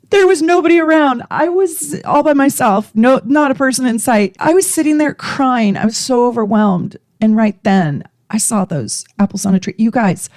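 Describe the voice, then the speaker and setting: A woman astrologer telling a personal story to her viewers with animated emotion. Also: medium pitch, no echo, studio quality. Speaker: astrologer and tarot reader. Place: home, lives in Washington State.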